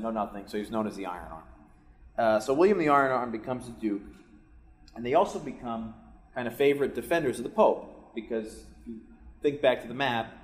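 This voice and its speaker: A man giving a live history lecture, telling it as a story with casual asides to the audience. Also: mid-range voice. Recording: echoey room recording.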